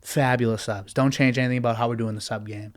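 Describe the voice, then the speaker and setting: A man's voice: mid-range voice, steady tone, quick pace. A young man hosting a solo podcast, rambling and swearing as he complains at length. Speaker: podcast host. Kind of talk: casual solo podcast rant.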